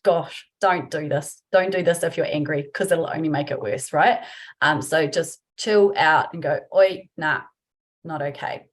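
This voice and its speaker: A woman's voice: sits low, moderate pace. A woman giving a webinar talk as a workplace trainer, chatty and informal, acting out example phrases. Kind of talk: webinar presentation.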